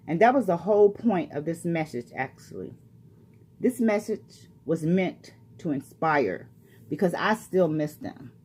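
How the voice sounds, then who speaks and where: A woman's voice: lowish voice, breathy edge. A retired woman who works as a grief coach, speaking earnestly and personally to the listener and repeating phrases for emphasis. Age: older. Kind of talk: motivational talk to camera.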